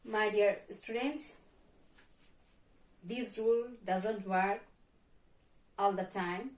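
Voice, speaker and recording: A woman's voice: medium pitch, drawn-out words. A woman teacher with a Bangladeshi accent, giving a lesson and repeating each word several times as a pronunciation drill. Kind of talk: slow classroom lesson. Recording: echoey room from far off.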